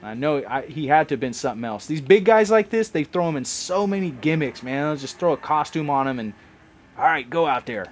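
A man's voice: fairly high pitch, lively intonation, fairly quick, few pauses. A man giving casual, rambling commentary as he plays a game, chatting like a longtime fan. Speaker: let's play host.

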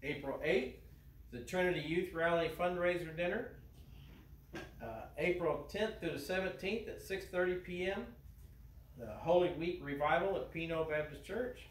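Brief: relaxed, folksy Midwestern American pastor, a bit high-voiced, recorded from afar in a ringing sanctuary. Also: male voice, moderate pace, a little hiss or hum. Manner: relaxed, homespun, fond of "you know". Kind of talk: folksy joke and church announcements. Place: church sanctuary. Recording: echoey church heard from a distance.

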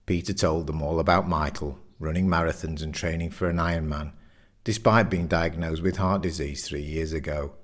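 A man narrating an audiobook in a measured storytelling manner. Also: very deep voice, fairly even intonation. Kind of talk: scripted narration.

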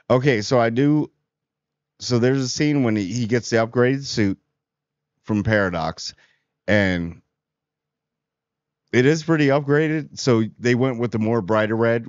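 A man's voice: lowish voice, unhurried, pauses often, dry recording. A man giving a casual, rambling movie review in a chatty, amused way. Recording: dry, slightly dull audio.

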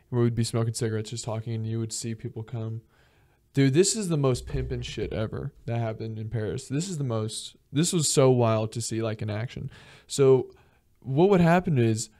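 A young man hosts a casual podcast and spins a loose travel story, swearing freely and breaking into laughter as he acts out the people he met. His voice is mellow and relaxed, sitting at an ordinary middle pitch for a man. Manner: animated and profane, laughs often, acts out quotes. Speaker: podcast host.

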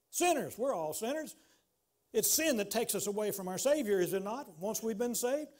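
A man, preaching a sermon as pastor in a church, swinging from loud exclamations to hushed pleading. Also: high-pitched, expressive, normal speed. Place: church sanctuary.

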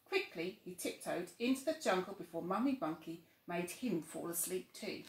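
A woman reading a children's bedtime story aloud, soft and expressive. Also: lowish voice, moderate pace, hardly any pauses. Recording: echoey room.

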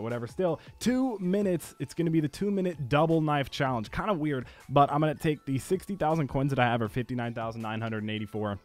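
Young man, gameplay commentary, profane, excitable, medium pitch, faint background music. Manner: excitable, swears a lot, yells at losses. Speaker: gaming YouTuber.

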